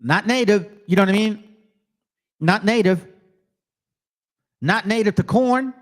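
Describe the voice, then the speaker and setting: Speaking at a measured pace in a high voice, a man hosts his own channel. He confronts and mocks viewers directly in combative religious commentary, reading passages aloud in between.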